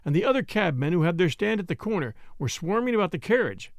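Man reading a classic story aloud, expressive and high-pitched, dead-dry close recording. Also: fast, no room sound. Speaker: audiobook narrator. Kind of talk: scripted narration.

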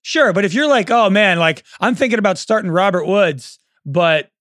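Fairly high-voiced man, relaxed. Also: normal speed, no echo, clean studio sound. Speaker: podcast co-host. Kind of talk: casual chat.

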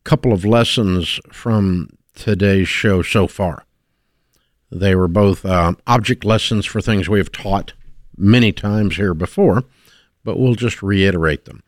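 A man's voice: deep voice, unhurried, no room sound, studio quality. Blunt, emphatic man hosting radio. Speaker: radio talk show host. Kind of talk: call-in radio commentary.

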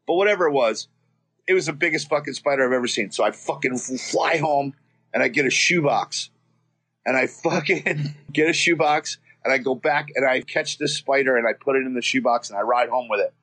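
A man's voice: mid-range voice, fast, fairly bright tone. A man from Florida telling a childhood story as a guest, rambling and swearing, with many restarts. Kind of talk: casual storytelling.

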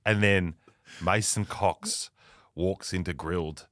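A man's voice: sits low, slow pace, a bit bright, no echo. An Australian man co-hosting a podcast, telling a rambling, self-mocking story with plenty of swearing in a studio. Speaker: podcast co-host. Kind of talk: casual storytelling chat.

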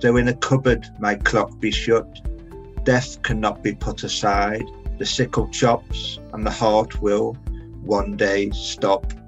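Slow, measured man reading poetry. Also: lowish voice, level tone, soft background music. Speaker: poet.

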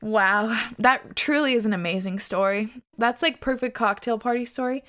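A woman's voice: mid-range voice, moderate pace, gravelly, fairly bright tone. A young woman hosting a podcast, reading out listener stories and reacting in casual chat, laughing often and swearing freely.

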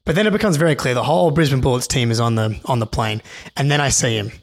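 A young man, a podcast co-host, telling a story in an animated, excitable way with many restarts. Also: medium pitch, quick pace. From Australia. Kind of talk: casual storytelling.

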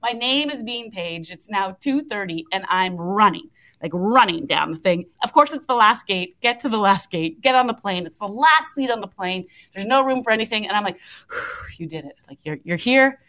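A woman's voice: mid-range voice, normal speed, low-quality recording. A middle-aged woman, a radio co-host, telling a story with lots of laughter and acted-out voices. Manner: lively, laughing, acts out voices in her story. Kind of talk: animated storytelling on morning radio.

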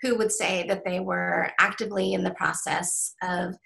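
A middle-aged woman author in a candid interview, talking haltingly with many restarts and ums. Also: lowish voice, flat delivery, creaky, fairly bright tone, poor audio. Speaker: author guest.

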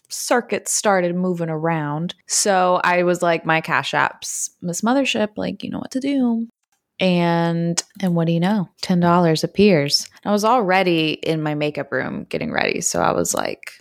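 A woman casually telling a story to her viewers, chatty and laughing often, with sudden jumps in pitch. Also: gravelly, no room sound, clean studio sound. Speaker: adult content creator vlogger.

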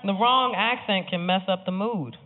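A woman's voice: mid-range voice, normal speed, phone-quality sound. A woman comedian from the Bronx doing a brash, sassy stand-up set, laughing through her punchlines. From Bronx, New York.

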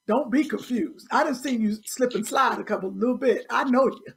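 Teasing gravelly-voiced woman co-host. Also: fairly high pitch, moderate pace, slight background noise. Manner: teasing, loud, playful. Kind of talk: casual comedic chat.

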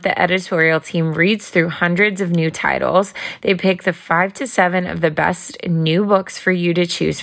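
A woman's voice: fairly low pitch, vocal fry, a bit bright. A young adult woman co-hosting a podcast, chatty and giggly, full of filler words. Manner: chatty, giggly, uses like a lot. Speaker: podcast co-host. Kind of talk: casual podcast chat with ad read.

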